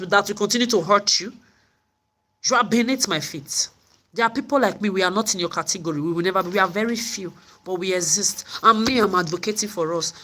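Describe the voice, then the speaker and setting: A woman's voice: medium pitch, sharp tone. A middle-aged woman, delivering an angry, confrontational monologue to camera, repeating herself as she rants. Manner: confrontational, ranting, repetitive. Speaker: vlogger.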